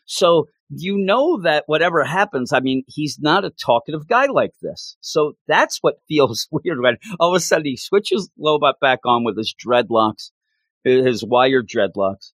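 Brief: lively male co-host, lots of laughter, pitch jumping around, dry mic. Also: measured pace, no room sound. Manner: animated, laughs often, trails off and restarts. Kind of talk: casual chat.

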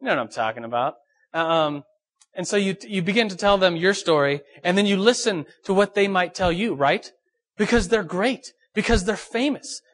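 A young man preaches a lively, joking sermon, asking his listeners questions as he goes. His voice sits a little high for a man. At times he sounds a bit off the mic. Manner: lively, joking, talks to the audience directly. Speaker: pastor. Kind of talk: youth sermon.

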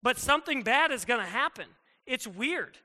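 A man's voice: extremely high pitch, expressive, normal speed, sharp tone, in a large hall. A young man preaching to a youth group, emphatic and conversational, acting out the doubts of his listeners. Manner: emphatic and conversational, acts out inner thoughts. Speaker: youth pastor. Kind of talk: sermon.

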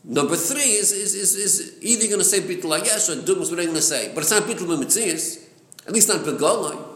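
Lively male teacher, high-ish voice, repeats himself as he explains, recorded in a roomy space. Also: fairly quick. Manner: lively, repeats words, mixes Hebrew and Yiddish terms into English. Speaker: Torah class teacher. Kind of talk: Chassidic text class, explaining to students. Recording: echoey room.

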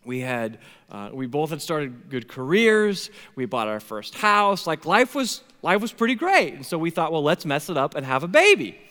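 Man, pastor, sermon, higher-pitched voice, long hall echo, animated, hushed to loud. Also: normal speed, few pauses. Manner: animated, swings from hushed to near-shouting.

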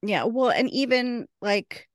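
A podcast co-host eagerly retells a TV episode in casual chat, enthusiastic and full of fillers as she recounts the scenes. Her voice is on the high side and expressive, she speaks slowly, and the studio-quality recording is dry.

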